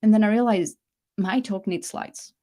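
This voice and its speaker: A woman's voice: mid-range voice, normal speed. Chatty woman hosting a live masterclass. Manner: chatty, self-correcting, lively emphasis. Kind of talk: casual live talk.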